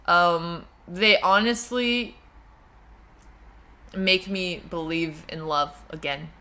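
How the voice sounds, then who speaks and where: A young woman hosting a livestream, reading viewer messages and chatting casually in a self-deprecating way, quick to laugh. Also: on the low side, fairly even intonation, bright, forceful tone. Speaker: livestream host.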